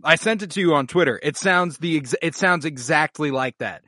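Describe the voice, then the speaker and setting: A man's voice: a little high, a little fast, few pauses, sharp tone, dry recording, studio quality. A man hosting a podcast in an eager, casual chat, quizzing his co-host.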